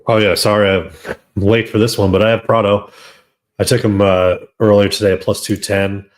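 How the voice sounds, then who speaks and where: A man on a casual betting panel explaining his pick in a quick, slightly rambling way. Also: fairly low pitch, flat delivery. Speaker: sports bettor on the panel.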